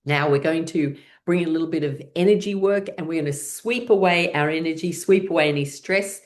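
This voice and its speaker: A woman teaching a laughter yoga class, giving gentle instructions that often break into laughter. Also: deep voice. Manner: slow, soothing guided meditation delivery.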